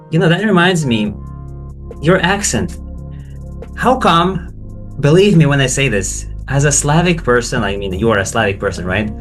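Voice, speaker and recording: A man hosting a casual interview and tutoring pronunciation, talking with many restarts and animated questions. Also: medium pitch. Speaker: podcast host and pronunciation tutor.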